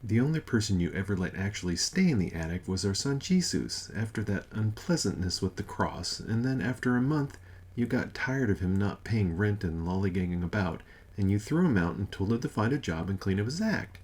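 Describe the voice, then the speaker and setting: Placating old mother figure, gently condescending, voiced by a male narrator. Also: lowish voice, very animated, brisk, slightly rough. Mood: cross. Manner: soothing, placating, mildly condescending. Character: elderly motherly wife, sweetly patronizing.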